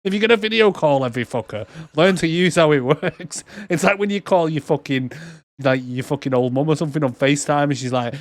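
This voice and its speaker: Man, fairly high voice, sweary, laughing, podcast movie roast, dry close mic. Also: brisk, dry recording. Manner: sweary, laughing, acts out characters in silly voices. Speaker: podcast co-host. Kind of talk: casual movie-roast chat.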